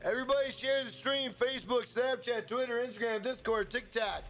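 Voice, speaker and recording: Young man, gaming streamer, high voice, profane, excitable, casual chat. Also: fairly quick, hardly any pauses. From Minnesota. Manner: hyped, profane, shouts out chat members.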